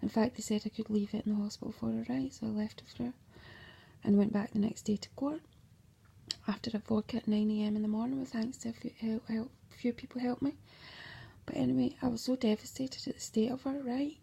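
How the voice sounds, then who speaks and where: A woman's voice: a little high, steady tone, fast talker, vocal fry, husky. A woman telling her own story in a rambling monologue, swearing freely and tagging her sentences with "right?" in a drifting, darkly humorous way. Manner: drifting, dark humour, breaks into laughter.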